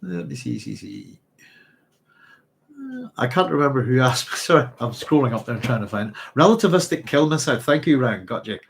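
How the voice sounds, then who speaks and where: A man's voice: medium pitch, sing-song, brisk, gravelly, slight background noise. A man hosting a live chat, rambling and hesitant as he reads out viewer comments. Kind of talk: casual live-stream chat.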